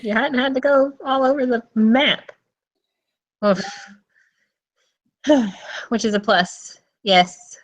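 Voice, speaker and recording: A woman's voice: a little high, slow pace, long pauses. A woman from North Carolina hosting an online interview in casual chat, laughing often and rambling a little. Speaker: interview host.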